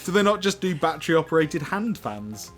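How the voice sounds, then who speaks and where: A man's voice: on the high side, normal speed, soft background music. A man co-presenting a casual gaming chat, jokey and laughing often. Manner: jokey, animated, laughs a lot. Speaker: presenter and editor.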